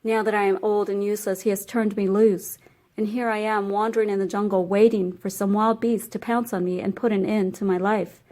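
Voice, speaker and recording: A woman's voice: medium pitch, level tone, a little fast, dark tone, natural voice. A woman reading aloud, voicing an old, worn-out male donkey who sounds weary and bitter in a storybook tale.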